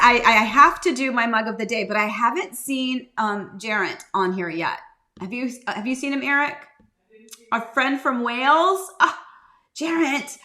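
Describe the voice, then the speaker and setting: A woman realtor hosting a casual live-stream chat, rambling warmly and greeting viewers by name. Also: medium pitch. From United States. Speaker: realtor and live show host.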